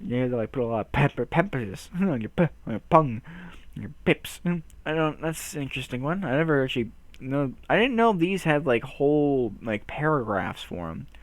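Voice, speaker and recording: A man's voice: medium pitch, lively intonation, moderate pace, dry recording. A man hosting a casual vlog, playfully trying tongue twisters, stumbling, swearing and laughing at himself. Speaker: channel host.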